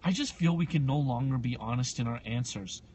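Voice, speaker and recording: A man co-hosting a casual podcast, telling a story with lots of energy, acting out both sides of the talk and sometimes breaking into shouts. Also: mid-range voice, a little fast, breathy edge. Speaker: podcast co-host.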